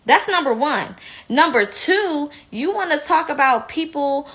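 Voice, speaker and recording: A woman's voice: high-pitched, expressive, measured pace, a bit bright. A woman giving heated, blunt opinion commentary, indignant and outspoken. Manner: slips into mocking impressions.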